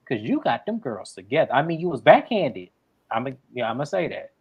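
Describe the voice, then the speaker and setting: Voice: mid-range voice, sing-song, brisk, a little mellow, breathy edge. A co-host in casual recap chat, emphatic and full of repeated rhetorical questions.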